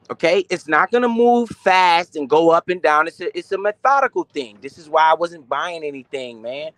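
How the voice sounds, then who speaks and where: A young adult man with a high-pitched voice talks in a casual, slangy live stream, swearing freely. He asks questions and answers them himself in an animated way. The sound is dry and close, with no room echo. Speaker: finance streamer.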